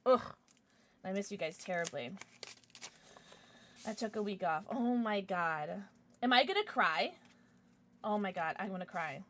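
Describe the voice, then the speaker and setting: Livestreaming from home, a young woman chats casually, gushing over viewers and the gifts they send. Her mid-range voice is expressive and a bit bright, with a slight hiss or hum in the audio. Bubbly in manner, she flips fast from squeals to mumbles.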